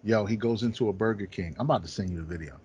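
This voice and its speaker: A man in casual podcast chat, animated and profane, acting out quotes as he tells stories. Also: lowish voice, rapid-fire, lo-fi sound, slight background noise.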